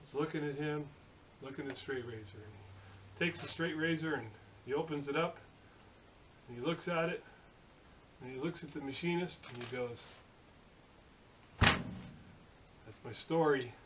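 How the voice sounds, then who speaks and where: A man in his late fifties spins a joke in a folksy, rambling way, full of fillers and restarts. His voice sits a little high. He is recorded from across a workshop, with a faint hiss underneath. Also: normal speed, long pauses. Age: late 50s. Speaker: hobby machinist video host. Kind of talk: casual joke telling. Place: home workshop. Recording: distant mic with faint hiss.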